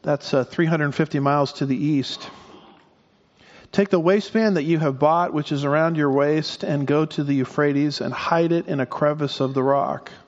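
A man preaches a verse-by-verse sermon in a church sanctuary, his voice a touch higher than most men's. He jokes with the congregation in a folksy way and now and then trips over a word. The sound is a little muffled and rings with a long hall reverb. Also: fairly even intonation, normal speed. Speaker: pastor.

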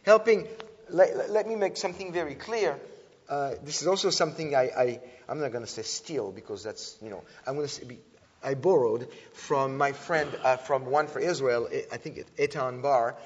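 A man's voice: medium pitch, moderate pace. A man giving a conversational sermon-style talk to an audience, often restarting and correcting himself. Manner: conversational, self-correcting, animated retelling. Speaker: speaker at a church teaching. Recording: dull lo-fi recording in a reverberant hall.

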